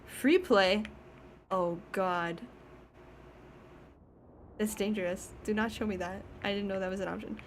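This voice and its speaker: A woman's voice: medium pitch, a little slow, pauses often, slight background noise. A young woman streaming, chatting casually and rambling with frequent laughs. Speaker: VTuber streamer.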